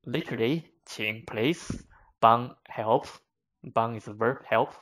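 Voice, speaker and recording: A man teaches vocabulary in a slow, unhurried delivery. He is a native Chinese speaker, explaining each point patiently and step by step, with frequent fillers. His voice sits at a middle pitch. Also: fairly bright tone.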